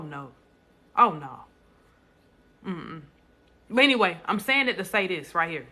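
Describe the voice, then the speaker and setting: Over a phone mic, a woman with a mid-range, bright, forceful voice speaks bluntly to viewers on a casual live stream. She's emphatic, repeating lines for stress.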